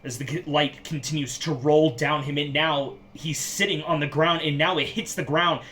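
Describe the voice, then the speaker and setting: A man narrating a tabletop game as game master, describing scenes slowly and vividly. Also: fairly high pitch, steady tone, pushed and bright, a little hiss or hum.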